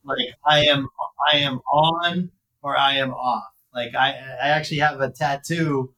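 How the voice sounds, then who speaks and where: Man, guest, blunt and intense, mid pitch, casual talk. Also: fairly even intonation, a little slow, sharp tone, rough recording. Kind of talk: casual interview chat.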